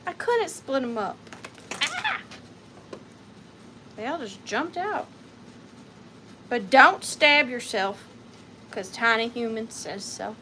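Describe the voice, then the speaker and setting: A woman in her thirties with a Southern US accent, hosting a live vintage sale in a chatty, upbeat way with high squeals. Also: expressive, takes it slowly, pauses often, noisy background. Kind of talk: casual live-stream selling chat.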